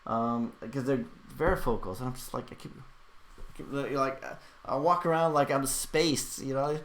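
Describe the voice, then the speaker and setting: A man's voice: mid-range voice, fairly even intonation, normal speed, a bit bright. A man hosting a casual livestream, reading out chat questions and answering them in a rambling way, with lots of fillers and restarts.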